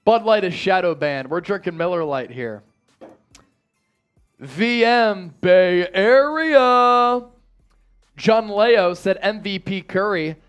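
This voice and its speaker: A man with a high voice hosts a live basketball watch party, rattling off viewer shout-outs and game analysis in an energetic, casual way. Faint music plays behind him. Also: moderate pace, few pauses, clear, resonant tone. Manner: energetic, reads chat shout-outs, chants.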